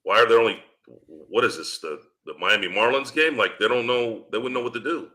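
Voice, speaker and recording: A man's voice: lowish voice, brisk, bright, forceful tone. A man hosting a sports fan show, delivering a profane postgame rant full of rhetorical questions. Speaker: podcast host.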